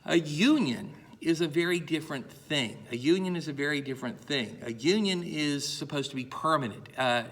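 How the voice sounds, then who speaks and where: A man's voice: on the high side, normal speed, few pauses, fairly bright tone. A middle-aged man giving a college history lecture in a conversational way, with many "uh"s and restarts, repeating points for emphasis. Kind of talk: classroom lecture.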